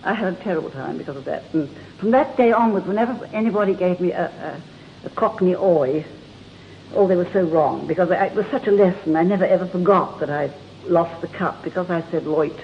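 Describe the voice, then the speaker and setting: This older English guest on a talk show has a fairly low voice and talks a little fast. She's chatty, full of stories, and laughs a lot, and the recording is a dull lo-fi broadcast with faint hiss.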